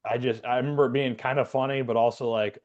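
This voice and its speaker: A man's voice: medium pitch, steady tone, quick pace, darkish tone, highs cut off. A man, a podcast co-host and Air Force veteran, telling a rambling story in casual chat with lots of fillers. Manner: rambling, many fillers and restarts.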